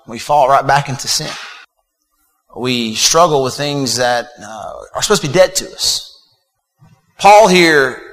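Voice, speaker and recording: Bright-voiced preacher in a reverberant hall. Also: male voice, mid-range voice. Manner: conversational preaching with fillers and repeated words. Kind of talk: sermon.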